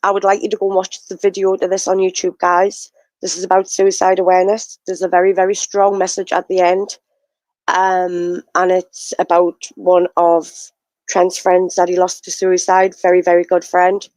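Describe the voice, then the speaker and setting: An earnest woman hosting a live show. Her delivery stays level and even, with little rise or fall. The sound is close and dry, with no room around it. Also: on the low side, moderate pace, no echo, low-quality recording. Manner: earnest, repeats warnings. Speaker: host.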